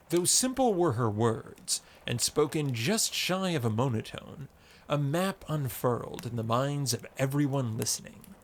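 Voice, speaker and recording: A man narrating an audiobook story in a measured, descriptive way. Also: medium pitch, animated, slight background noise.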